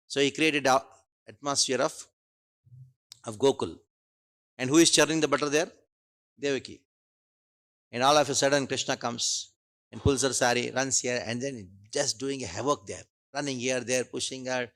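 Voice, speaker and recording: A man giving a devotional lecture in a temple, telling stories animatedly, acting out the characters and often clearing his throat. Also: mid-range voice, moderate pace, pauses often. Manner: animated, acts out quotes, frequent throat-clearing. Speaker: scripture class teacher. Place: temple hall.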